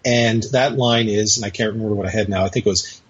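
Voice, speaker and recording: The audio is dull and lo-fi as a man, a podcast guest, rattles off a long, rambling anecdote with frequent hesitations. His voice is fairly low and slightly rough, with fairly even intonation and a quick pace, in casual storytelling chat.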